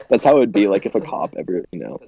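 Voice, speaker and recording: A young man co-hosting a podcast, telling stories in casual chat, swearing a lot and often breaking into giggles. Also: medium pitch. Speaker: podcast co-host. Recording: dull lo-fi sound.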